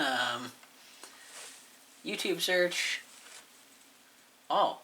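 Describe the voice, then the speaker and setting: A man with a lowish, very bright and cutting voice, rambling casually through commentary on his own channel. He mumbles along and swears offhandedly, in a loose, unscripted way. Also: moderate pace, long pauses, slight background noise. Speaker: YouTuber reviewing his channel.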